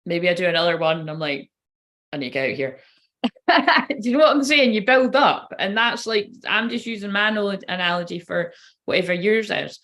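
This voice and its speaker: A woman's voice: mid-range voice, animated, a little fast, fairly bright tone. Chatty woman who swears freely. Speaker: tarot card reader. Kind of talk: casual rambling chat to viewers.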